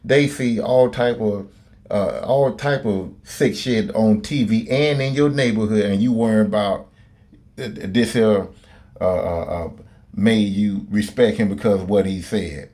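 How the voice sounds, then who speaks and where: A man's voice: lowish voice, unhurried, warm tone. A man giving blunt, opinionated commentary on a phone, rambling with many fillers and restarts and plenty of profanity. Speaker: video commentator.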